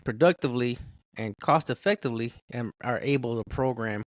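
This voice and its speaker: A man's voice: mid-range voice, brisk, no echo. A man co-hosting a podcast in casual talk, joking and downplaying himself.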